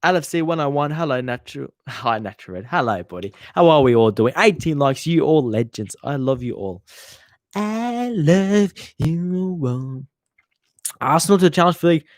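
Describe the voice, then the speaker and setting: A man's voice: medium pitch, animated, fast, hardly any pauses, no echo, clean studio sound. A young man hosting a casual football livestream, rambling and swearing as he reads viewer comments. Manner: chatty and rambling, swears freely, trails off mid-sentence. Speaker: football channel host.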